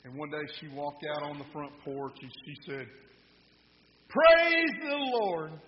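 A male pastor leading prayer and preaching a sermon, telling a joke and swinging from quiet asides to loud, animated lines. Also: on the high side, fairly quick. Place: church sanctuary. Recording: muffled sound in a reverberant hall.

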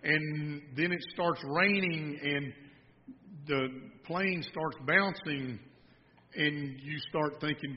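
A man's voice: on the high side, takes it slowly. A man preaching a sermon, telling a folksy story and joking with the congregation. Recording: dull sound with long reverb in a hall.

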